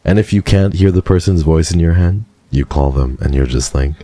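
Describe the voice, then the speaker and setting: A man's voice: deep voice, moderate pace, warm tone, no room sound. A man streaming live who chats casually with his viewers, answers their questions and thanks them in a playful, teasing way.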